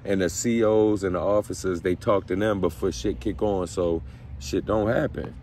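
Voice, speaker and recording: Low-voiced man telling stories. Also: moderate pace, a little hiss or hum. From Baltimore. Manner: profane, slangy and animated. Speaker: vlogger. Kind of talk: casual storytelling.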